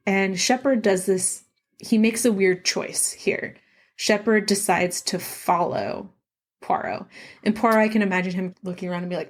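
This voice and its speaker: A woman co-hosting a chatty book podcast, her voice sitting in a middling register. She talks with animation, often slips into quick acted-out quotes of characters, and giggles between thoughts. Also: mid-range voice. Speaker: podcast co-host. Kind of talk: casual book-club chat.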